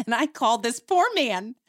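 A woman with a slightly high voice co-hosts a relationship podcast, casually chatting in a close, dry recording with no room sound behind it. She animatedly tells a story, acting out both sides of arguments between herself and her partner.

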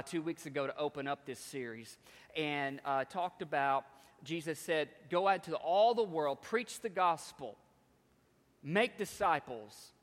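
A man's voice: on the high side, a bit bright. A man preaching a sermon as pastor, emphatic, with repetitions and call-outs to the congregation. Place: church sanctuary. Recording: long hall reverb.

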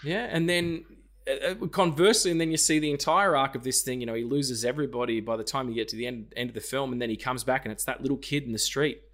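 A quick-paced podcast co-host with a mid-range voice chats about a film, animatedly performing its lines. He swears freely throughout the casual conversation.

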